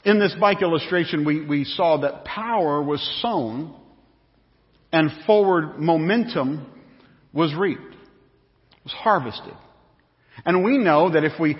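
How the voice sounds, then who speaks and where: This pastor's voice is on the high side and unhurried. Preaching to a congregation, he relies on conversational storytelling, repeating himself and sharing anecdotes, and the recording from the church sanctuary is echoey and dull.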